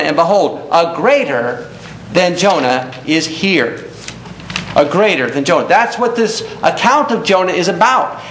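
A man preaching a sermon in earnest tones, reading scripture aloud and explaining it to a congregation. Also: fairly bright tone. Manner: earnest, reads scripture aloud in King James wording. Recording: echoey room with faint rumble.

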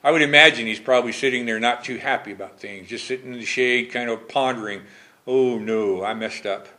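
A man's voice: medium pitch, steady tone, fast talker, sharp tone. A man preaching a Bible study. He reads scripture verses formally, then comments on them in a conversational way and asks his congregation questions.

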